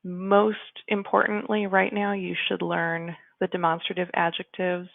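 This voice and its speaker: A woman with a gravelly edge to her voice explains grammar as a teacher, chatty and slowing down for her example sentences. The sound is dry and close, with no room around it. It also comes through narrow and tinny, like a phone call. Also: fairly low pitch, completely flat delivery, no room sound. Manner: chatty, apologetic asides, slows to model example sentences. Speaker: Spanish teacher. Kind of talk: explanatory lesson.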